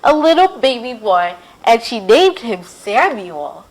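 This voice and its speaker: A woman's voice: a little high, big pitch swings, takes it slowly, exaggerated voice, rough recording. A woman voicing a cheerful, encouraging girl companion in a storybook reading.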